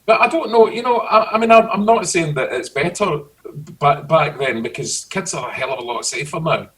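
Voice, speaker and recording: A middle-aged Scottish man chatting casually, telling lively stories about his childhood. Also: a little high, fairly quick, far from the mic, low-quality recording. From Scotland. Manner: storytelling, animated. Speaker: guest. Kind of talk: casual chat.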